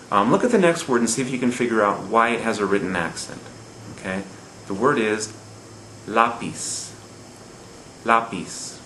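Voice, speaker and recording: A man's voice: lowish voice, a bit bright, slight background noise. Patient male Spanish teacher, echoey room. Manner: patient, repeats rules and checks with "okay?". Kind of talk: recorded classroom lesson.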